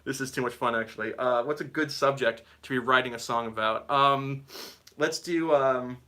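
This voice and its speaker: A man's voice: medium pitch, normal speed, sharp tone. A man teaching guitar on a live stream, giggling and rambling as he reads the chat, with guitar playing behind.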